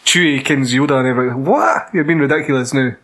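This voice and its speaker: A man's voice: medium pitch, fast talker, fairly bright tone. Scottish guy, mid voice, blunt and sweary, slagging off films. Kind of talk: casual film chat.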